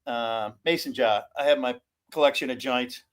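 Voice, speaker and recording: A man's voice: mid-range voice, moderate pace. A man hosting a casual live-stream chat, rambling and joking in a loose, giggly way.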